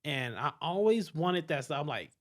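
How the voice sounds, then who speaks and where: Excitable man rambling in podcast chat. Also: on the high side, normal speed. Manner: animated, stumbles over words, swears casually. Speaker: podcast host. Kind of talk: casual chat.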